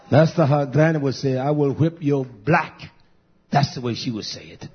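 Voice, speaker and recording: A man preaching a fiery sermon, blunt and emphatic, moving between shouted lines and low muttering. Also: breathy edge, highs cut off.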